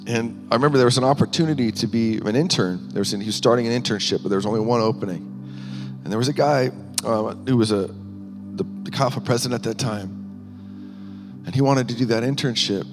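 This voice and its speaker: A man sharing a personal testimony in a sermon, earnest and halting, with small laughs between thoughts. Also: mid-range voice. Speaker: minister. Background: music.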